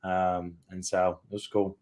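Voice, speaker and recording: A young man from Alabama chats as a podcast guest over a remote call. His voice sits somewhat low, and he talks in an easygoing way, thinking aloud with plenty of ums. He speaks casually and unhurriedly. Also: little pitch movement, unhurried, darkish tone. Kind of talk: casual interview chat.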